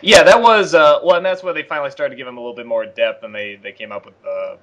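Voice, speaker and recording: A man's voice: mid-range voice, quick pace, a bit bright. Laughing man on a dull lo-fi track. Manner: laughs a lot, enthusiastic, acts out quotes. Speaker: guest. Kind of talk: casual commentary chat. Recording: dull lo-fi audio.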